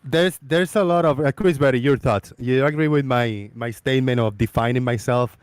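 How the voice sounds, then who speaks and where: A man's voice: medium pitch, normal speed, clear, resonant tone, no room sound, studio quality. A man hosting a casual online voice chat, joking, laughing often and stumbling over his words. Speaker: host.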